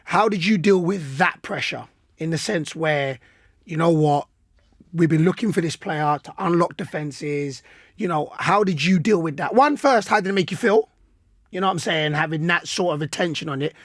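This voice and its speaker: Male co-host, bright high voice, emphatic banter, dry studio sound. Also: normal speed, dry recording. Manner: animated, emphatic, slangy banter. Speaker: podcast co-host. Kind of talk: casual interview chat.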